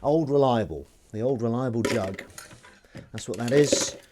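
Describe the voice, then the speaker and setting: A man's voice: medium pitch, measured pace, noisy background. Man chatting over clattering dishes. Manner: chatty, self-aware, jokey. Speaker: live-stream host. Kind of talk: casual rambling monologue. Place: home kitchen at the sink. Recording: clattering dishes and cutlery behind.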